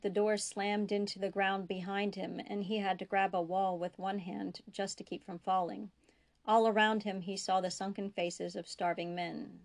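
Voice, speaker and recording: A woman reading her own fiction aloud in a steady, measured narration, dropping to soft whispers for tense dialogue. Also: mid-range voice, vocal fry. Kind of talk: audiobook-style fiction reading.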